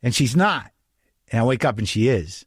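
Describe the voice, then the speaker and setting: A man's voice: medium pitch, very animated, moderate pace, slightly rough, dry recording, clean studio sound. A man hosting a podcast, talking candidly and reflectively, often restarting his sentences. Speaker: podcast host. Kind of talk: casual conversational monologue and interview.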